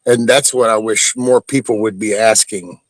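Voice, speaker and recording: A man's voice: on the low side, fairly even intonation, normal speed, dry recording. A man hosting a livestream, ranting bluntly and profanely in a casual way. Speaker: livestream host.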